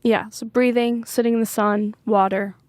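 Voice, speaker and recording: A woman with a fairly high voice talks candidly as an interview guest. She rambles openly and leans on filler words. The sound is close and dry, with no room echo. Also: fairly even intonation, moderate pace, darkish tone. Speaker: singer-songwriter guest.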